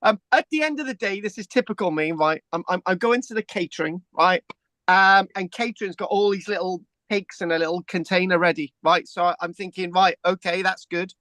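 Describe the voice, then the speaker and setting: A man's voice: high-pitched, brisk, sharp tone, no echo. Rambling chatty man, dry close sound. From England. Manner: rambling storyteller, repeats words and says "right?". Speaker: host. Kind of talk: casual chat.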